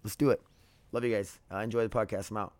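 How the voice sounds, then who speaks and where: A man's voice: on the low side, fairly even intonation, quick pace, smooth, no echo. A man in his thirties hosting his own podcast, talking casually and candidly, rambling with many fillers and restarts. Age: 30s. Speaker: podcast host. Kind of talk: casual solo podcast monologue.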